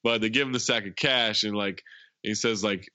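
A man's voice: fairly low pitch, moderate pace, dry recording, muffled recording. A man in casual chat retelling a comedy film scene by scene, acting out the lines and laughing a lot. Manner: animated, laughs often, acts out quotes. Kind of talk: casual movie recap chat.

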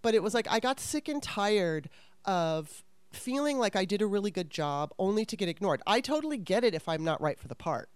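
A woman's voice: mid-range voice, expressive, brisk, clean tone, no room sound. A middle-aged woman, a former actress, candidly telling stories from her career in a frank, self-deprecating way, swearing freely. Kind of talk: candid conversational storytelling.

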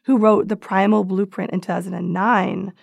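A woman's voice: medium pitch, level tone, moderate pace, gravelly, dry recording, clean studio sound. A woman speaking as an expert guest, explaining in a conversational way. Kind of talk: interview answers.

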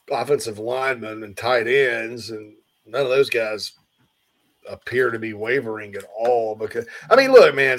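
A man with a drawl hosts a casual sports talk show, speaking at an ordinary middle pitch. He reads out listener questions and answers them in a loose, conversational way.

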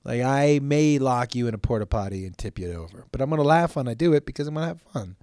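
A man's voice: mid-range voice, lively intonation, fast talker, a little mellow, no echo, studio quality. A man hosting his own podcast in casual solo chat, rambling and jokey, swearing freely, with stammered restarts. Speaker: podcast host.

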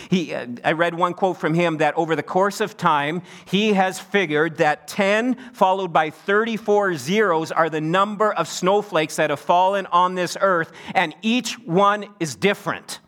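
High-voiced, swooping middle-aged male preacher. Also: a bit bright. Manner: wide pitch swings, rising to emphatic peaks. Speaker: pastor. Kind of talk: sermon.

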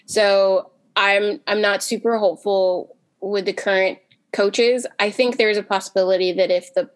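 A woman on a podcast panel in casual chat, talking in quick bursts with frequent restarts and fillers. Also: mid-range voice, steady tone. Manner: talks fast in bursts with many restarts and fillers.

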